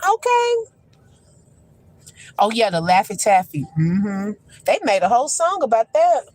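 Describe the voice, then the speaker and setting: A woman's voice: fairly high pitch, wildly swooping pitch, a little slow, darkish tone, rough recording. A woman hosting a casual livestream from a parked car, chatting, laughing often and turning to preacher-like encouragement. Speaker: livestream host. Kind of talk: casual live chat with encouragement.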